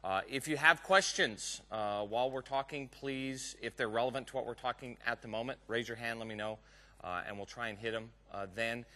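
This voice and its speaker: A man's voice: mid-range voice, steady tone, fairly quick, sharp tone. A man from Texas with a Southern accent gives a live technical conference talk, chatty and joking with the audience in the room. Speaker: conference speaker.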